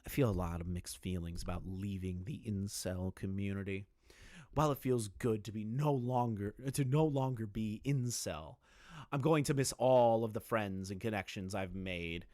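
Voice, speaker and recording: An earnest male online forum poster reads his farewell message, as a streamer puts him on. The voice sits somewhat low and sounds mock-serious. It stays close to an everyday man's voice. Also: normal speed, dark tone, dry recording, close to an everyday voice.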